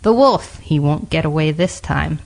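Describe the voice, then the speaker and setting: A woman's voice: low voice, animated, moderate pace, gravelly, darkish tone. A woman doing a firm, triumphant hunter. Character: brave, determined male hunter.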